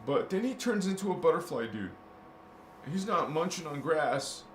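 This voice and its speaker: A man's voice: a little high, expressive, normal speed. A man hosting a spiritual video channel, talking in a casual, joking way with crude slang and laughing at his own jokes. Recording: roomy echo with faint noise.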